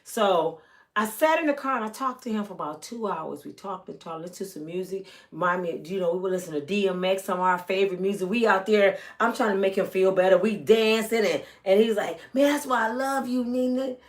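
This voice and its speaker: A middle-aged woman, medium-pitched and talking fairly quickly, vlogs about something personal. She swings from loud to hushed with plenty of energy, playing the parts of the people she quotes.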